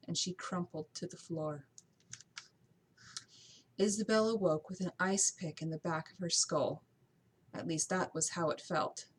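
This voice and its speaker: A woman narrating a novel as an amateur audiobook reading, steady with occasional slips and restarts. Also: lowish voice, slight background noise, low-quality recording.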